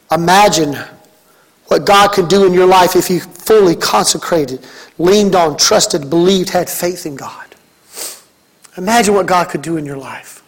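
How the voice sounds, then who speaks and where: A pastor from Mississippi preaching a sermon, with emphatic, rhythmic repetition and spoken prayers. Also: male voice, high voice, poor audio.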